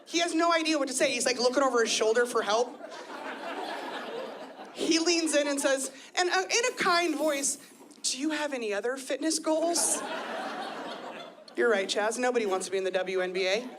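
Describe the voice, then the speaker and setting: A woman's voice: high voice, fairly quick, background noise. Chatty self-mocking woman comic, club crowd. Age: 30s. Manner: chatty, self-deprecating, lively with quoted voices. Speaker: stand-up comedian. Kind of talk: live stand-up comedy. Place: comedy club stage with audience. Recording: live club audio with crowd laughter.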